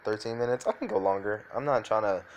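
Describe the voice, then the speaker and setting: A man's voice: lowish voice, fast talker, slight background noise. A man improvising a fan fiction story, rambling loosely with many fillers and restarts.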